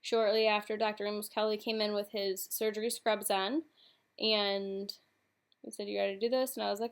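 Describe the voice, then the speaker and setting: A woman's voice: medium pitch, little pitch movement, creaky. Chatty young woman vlogging a personal story. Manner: chatty, frequent fillers and "like", recounts in quick sequence. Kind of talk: casual personal vlog storytelling.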